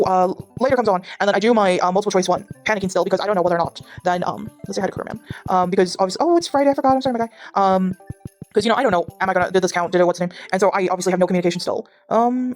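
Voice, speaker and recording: A woman's voice: medium pitch, darkish tone. A young woman from Durban with a South African accent, chatting over a video game at home and rambling with many restarts and fillers. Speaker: gaming vlogger. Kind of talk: casual chat over gameplay. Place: home, with her dog beside her.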